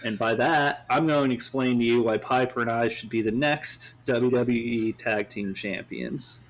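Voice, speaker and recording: A man's voice: medium pitch, a little slow, lightly acted, low-quality recording. A man voicing a haughty, demanding female wrestler who bosses her manager around, in a condescending tone. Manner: bossy and condescending.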